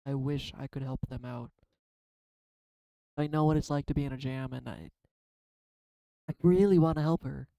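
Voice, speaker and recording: A man's voice: mid-range voice, steady tone, moderate pace, vocal fry, long pauses, mellow, no room sound, poor audio. A man in a casual spiritual vlog, pulling and reading oracle cards, talking in a reflective and rambling way, emotional and swearing now and then. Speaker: tarot card reader.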